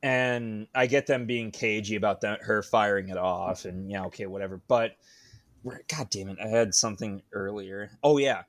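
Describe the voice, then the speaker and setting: Low-voiced man, swearing and incredulous. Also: normal speed. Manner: profane, incredulous questioning. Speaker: podcast co-host. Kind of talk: casual film discussion.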